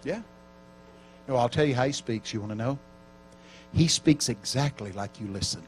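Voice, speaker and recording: A man preaching a storytelling sermon at a camp meeting, folksy and dramatic with sudden loud outbursts. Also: medium pitch, moderate pace, slight background noise, low-quality recording.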